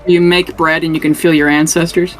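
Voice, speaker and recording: Cohost tossing off quick jokes, middle pitch voice, faint music underneath. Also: flat delivery. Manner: joking, quick asides, laughs often. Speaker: podcast co-host. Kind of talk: casual chat.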